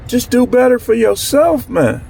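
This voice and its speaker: A man's voice: very high voice, big pitch swings, a little slow, vocal fry, darkish tone, a little hiss or hum. A man from Milwaukee talking straight to his channel's viewers in a blunt, slangy, fired-up monologue. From Milwaukee, Wisconsin. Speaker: channel host. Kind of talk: candid to-camera monologue.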